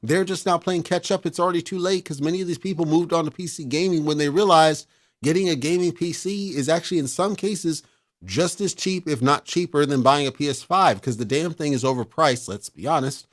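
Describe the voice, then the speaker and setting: A man's voice: on the high side, brisk. Blunt, ranting male talk host. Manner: blunt, exasperated, lecturing. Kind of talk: casual opinion rant.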